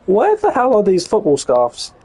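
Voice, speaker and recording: Gravelly English man streaming a game. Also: sits high, huge pitch swings, normal speed, dark tone, low-quality recording. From England. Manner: chatty, mutters to himself, swears casually. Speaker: live streamer. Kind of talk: casual gameplay commentary.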